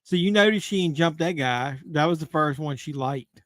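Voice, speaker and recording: A man's voice: on the high side, normal speed, dry recording. A man hosting a live movie watch-along, making casual commentary full of crude jokes. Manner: crude joking banter. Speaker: live-stream host.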